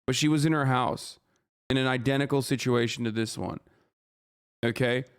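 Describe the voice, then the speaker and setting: A man's voice: medium pitch, fairly even intonation, normal speed, smooth. A man livestreaming, reacting to a news story with heated, profanity-laden ranting and scolding his chat. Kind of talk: live stream reaction commentary.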